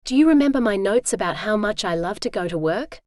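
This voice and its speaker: A woman's voice: medium pitch, animated, brisk, darkish tone, no room sound, clean studio sound, natural voice. A synthetic female voice reading a blunt, demanding woman's lines in an audiobook, reproachful in tone. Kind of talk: digitally narrated audiobook.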